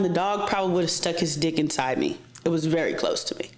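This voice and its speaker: A woman's voice: fairly low pitch, animated, a little fast. A woman talking through her own stories as a guest, plain-spoken and profane. Her talk is full of casual fillers, and she sometimes sinks to a near-whisper for effect. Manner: frank and profane, many fillers like "like" and "um". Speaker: interview guest. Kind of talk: casual storytelling. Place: office.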